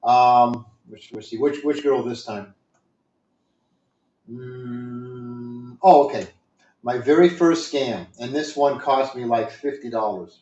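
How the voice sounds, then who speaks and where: A man's voice: mid-range voice, slow, darkish tone. A man telling stories in a casual, rambling way with many fillers and restarts and a dry sense of humor, heard over a video call. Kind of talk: casual storytelling. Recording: echoey, dull lo-fi sound.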